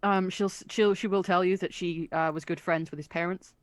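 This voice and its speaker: Woman game master, hesitant narration, lowish voice, dry close mic. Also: steady tone, a little fast, dry recording. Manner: hesitant, many ums.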